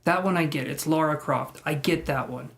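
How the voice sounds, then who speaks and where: A man's voice: on the high side, moderate pace, fairly bright tone. A man live-streaming tarot readings, chatting with viewers in a joking, self-deprecating way. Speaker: tarot reader.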